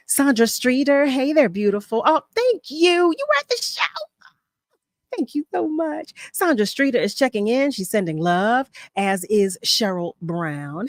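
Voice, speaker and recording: A woman's voice: medium pitch, no echo. Effusive woman radio host, dry studio sound. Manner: effusive, repeats phrases, affectionate. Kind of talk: warm radio talk show chat.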